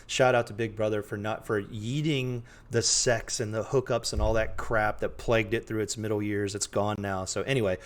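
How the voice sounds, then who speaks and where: A man's voice: lowish voice, fairly even intonation, moderate pace, hardly any pauses. A man co-hosting a podcast, chatting casually and self-deprecatingly with frequent restarts. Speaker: podcast co-host. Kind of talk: casual chat.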